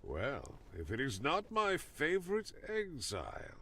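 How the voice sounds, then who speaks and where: An actor voicing a smug male merchant in a game, husky and demanding. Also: mid-range voice, huge pitch swings, unhurried, pushed and bright, heavily acted.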